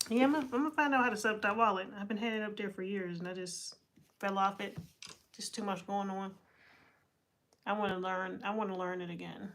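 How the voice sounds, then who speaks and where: Woman livestream host, easygoing and chatty, mid-pitched, faint room hum behind. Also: a little fast, fairly bright tone. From United States. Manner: chatty, laughs often, talks to chat. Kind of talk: casual live chat reading comments.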